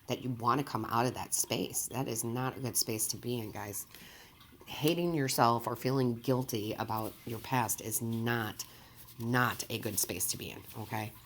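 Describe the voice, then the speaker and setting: A woman's voice: extremely low pitch, a little hiss or hum. Earnest woman giving a tarot reading. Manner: earnest, emotional, checks in with listeners often. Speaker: tarot reader and medium. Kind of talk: direct-to-camera tarot reading.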